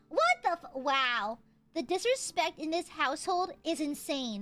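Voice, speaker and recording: A woman streamer chatting casually with her audience, excitable and profane, often shouting and laughing. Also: sits high, unhurried, music in the background. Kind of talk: casual live-stream chat.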